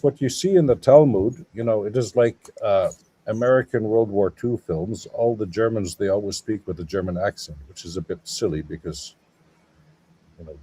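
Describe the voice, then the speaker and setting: Low husky man lecturing. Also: dark tone, poor audio. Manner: digressive, lecturing explanations; mutters while searching for notes. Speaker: guest scholar. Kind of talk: live panel discussion.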